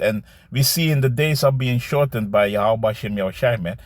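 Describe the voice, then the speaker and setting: A man teaching scripture in a loose, conversational way, reading verses slowly and commenting, often adding "man" and "you see". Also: medium pitch, no echo, clean studio sound. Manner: reads verses aloud slowly, then comments.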